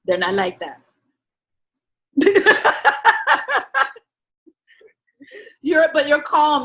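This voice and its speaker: A woman telling stories in animated casual chat, laughing often and swinging between loud outbursts and soft asides. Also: high-pitched, slow pace, long pauses.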